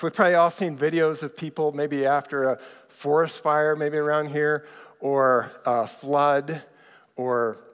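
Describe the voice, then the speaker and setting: A man preaching a sermon in a conversational, animated way, acting out the people in his stories. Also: on the high side, clear, resonant tone. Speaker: pastor. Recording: reverberant hall.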